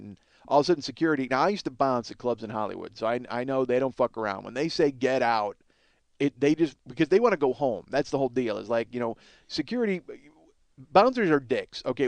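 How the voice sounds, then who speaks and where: Fast-talking, profane storytelling man. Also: medium pitch, no echo. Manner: profane, animated storyteller acting out quotes. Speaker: podcast host. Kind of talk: casual storytelling monologue.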